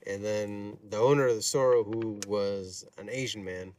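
A man's voice: lowish voice, steady tone, unhurried, a little mellow. A man telling a rambling, filler-heavy story in casual chat, sitting away from the mic.

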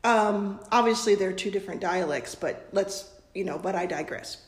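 A woman in her forties chatting casually as a co-host, playful and quick to laugh. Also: medium pitch. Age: 40s. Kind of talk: casual chat. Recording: roomy echo.

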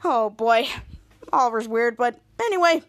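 A woman's voice: on the high side, animated, moderate pace. A woman hosting a podcast who casually recaps a TV episode, often restarting her sentences as she retells each scene. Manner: retells scenes with frequent restarts and quoted lines. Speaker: podcast host.

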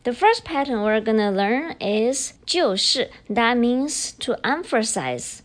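Lively-voiced woman teaching Chinese. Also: fairly high pitch. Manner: explains slowly, repeats example sentences. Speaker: podcast host and Chinese teacher. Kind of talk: bilingual language lesson.

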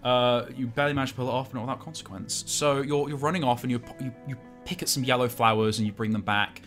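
A man narrating as game master of a tabletop game, casual and halting with many fillers. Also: mid-range voice, a bit bright, faint music behind.

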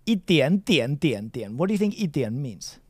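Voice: medium pitch, very animated, moderate pace, darkish tone, slightly rough, no echo. A language teacher leading a one-on-one lesson, patient and playful, drilling words by repeating them.

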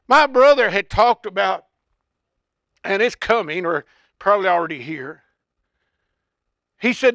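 Old preacher guy, real high voice, folksy, gets fired up and hollers, dry close sound. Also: expressive, unhurried, pauses often, no echo. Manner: folksy, impassioned, rising to shouts. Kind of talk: sermon.

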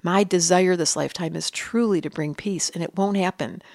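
A woman's voice: on the low side, moderate pace, vocal fry, darkish tone, no room sound. A woman guest, an astrologer, telling stories in casual chat. She acts out quotes and sometimes drops to a whisper.

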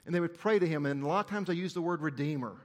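Male pastor, sermon delivery, somewhat high-pitched, energetic storyteller with restarts; long hall reverb. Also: very fast. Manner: animated storytelling with frequent restarts and repetition.

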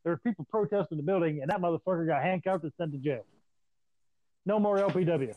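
A man casually swapping profane stories in an animated, storytelling way. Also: fairly high pitch, fast. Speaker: podcast host. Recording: dry, tinny phone-like line.

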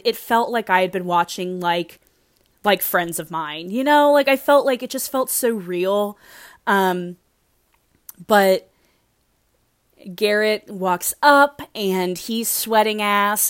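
A young woman recapping a reality show in casual chat, gushing and emotional, with lots of fillers, breaking into squeals when excited. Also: medium pitch, no echo, studio quality.

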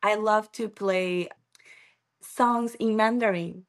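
A woman's voice: medium pitch, fairly even intonation, slow pace. A woman from Ecuador, a native Spanish speaker with a Spanish accent, chatting as an interview guest and laughing often as she tells family stories. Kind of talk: casual interview.

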